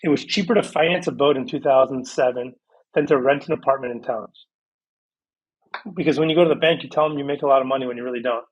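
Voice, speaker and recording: A man in his thirties, a podcast guest on a video call, telling his story in a lively, casual way and acting out past conversations. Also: mid-range voice, fast talker, breathy edge, muffled recording.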